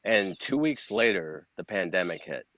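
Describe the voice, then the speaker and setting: A man's voice: sits low, normal speed. A middle-aged man, a podcast guest, telling a story in casual talk, acting out quoted dialogue and turning earnest and emotional. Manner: animated, acts out quoted dialogue. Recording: dull, dry lo-fi audio.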